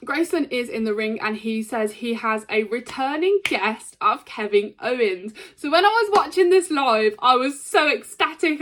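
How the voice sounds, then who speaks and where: A woman giving a casual, rambling recap of a wrestling show, excitable and full of ums and likes. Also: fairly high pitch, moderate pace.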